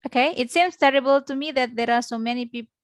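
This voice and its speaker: A woman with an Indonesian accent, an English teacher giving an online class lecture, explaining word by word with many pauses. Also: high voice, fairly even intonation, dry recording.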